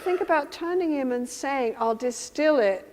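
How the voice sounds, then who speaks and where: High-voiced woman lecturing in a hall. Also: moderate pace. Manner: animated, acts out both partners' lines. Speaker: therapist giving a workshop. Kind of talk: teaching lecture with re-enacted session dialogue. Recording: reverberant hall.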